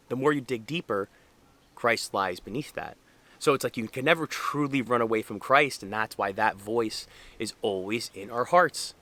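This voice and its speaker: With a bright, forceful tone at medium pitch, a young Catholic speaker gives a casual faith talk to camera. He sounds earnest and conversational and uses a lot of fillers.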